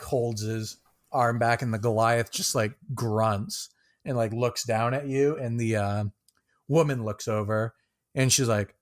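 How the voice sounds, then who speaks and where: Slow, laid-back male game master. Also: on the low side. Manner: slow, casual, full of fillers and laughs. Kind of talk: narrating a tabletop game.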